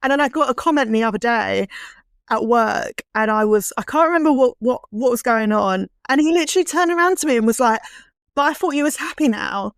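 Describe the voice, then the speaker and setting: A young adult woman hosting a casual podcast conversation about baby loss, speaking candidly and getting animated when frustrated. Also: a little high, fairly quick, clean tone, no echo, studio quality. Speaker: podcast host.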